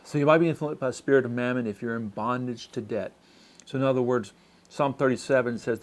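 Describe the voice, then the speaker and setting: A man's voice: medium pitch, brisk. A man preaching a sermon as pastor, in a conversational way, often restarting his sentences.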